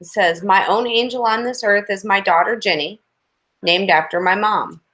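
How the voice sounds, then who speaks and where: A woman's voice: medium pitch, moderate pace, fairly bright tone, low-quality recording. A woman co-host reading listener questions aloud from messages. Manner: reads messages aloud, spelling names.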